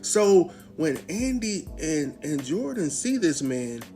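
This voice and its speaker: A man hosting a casual recap show, retelling a TV episode in an animated, chatty way. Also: on the high side, takes it slowly, soft background music. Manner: chatty, animated retelling with quoted character lines.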